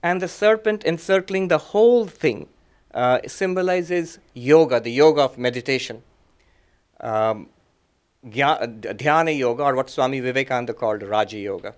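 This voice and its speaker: A middle-aged man, a monk, giving a talk that mixes teaching with personal stories, in short phrases with frequent pauses and soft chuckles. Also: medium pitch. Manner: gentle, reflective, chuckles softly at his own anecdotes. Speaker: monk and guest speaker. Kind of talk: lecture with personal storytelling.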